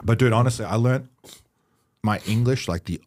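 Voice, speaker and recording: A man's voice: medium pitch, slight background noise. A man with an Australian accent hosting a casual podcast chat, telling stories with lots of laughter and swearing. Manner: animated, laughing, swearing, quick storytelling. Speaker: podcast host.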